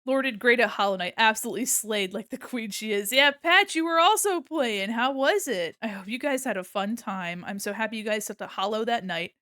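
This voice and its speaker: Here a woman with a mid-range, fairly bright voice talks briskly, barely pausing, in a clean studio recording with no room sound. Drawing on stream as an illustrator, she keeps up casual, rambling chat full of fillers, giggly and bubbly, with effusive greetings.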